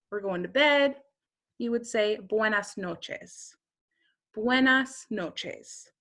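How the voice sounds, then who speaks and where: A woman's voice: on the high side, fairly bright tone. A woman teaching a beginner Spanish lesson, carefully modeling each phrase and quizzing the listener.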